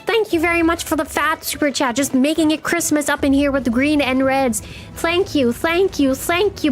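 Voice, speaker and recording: A woman's voice: high voice, moderate pace, soft background music. A young woman streaming a game live, chatting with her viewers in a playful, teasing way.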